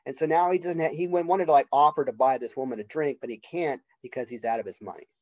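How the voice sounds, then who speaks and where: A little high-pitched with a darkish tone, this male college professor lectures on literature in a casual, chatty way, voicing characters' lines quickly. The lecture was captured on a dull lo-fi recording without echo.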